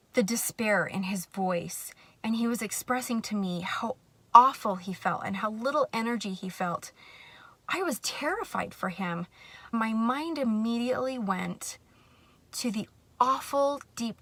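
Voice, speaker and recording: A woman's voice: mid-range voice, a bit bright, dry recording. Earnest woman with a dry close sound. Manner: earnest and reflective. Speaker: vlogger sharing a personal faith story. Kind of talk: personal testimony.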